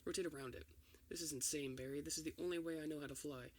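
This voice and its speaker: A man reading an entire film script aloud for ASMR, doing every part in one steady voice. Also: on the high side, racing. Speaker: ASMR reader.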